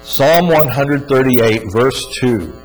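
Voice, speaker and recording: A man's voice: mid-range voice, takes it slowly, low-quality recording. A man giving an earnest, emphatic religious teaching talk, often repeating words for stress. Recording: faint mains hum.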